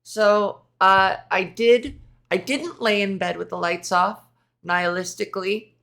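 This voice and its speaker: A woman hosts her own podcast in a loose solo rant, swearing freely and sliding into sarcasm. She talks at an unhurried pace. Her voice has a lot of vocal fry. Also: mid-range voice, fairly even intonation, a bit bright. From Canada. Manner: profane, sarcastic, rambling. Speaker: podcast host.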